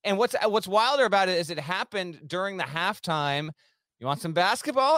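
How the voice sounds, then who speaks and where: A man from the northern United States, co-hosting a sports podcast with quick, opinionated rants. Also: fairly high pitch, a bit bright, no room sound, studio quality. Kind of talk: casual sports talk.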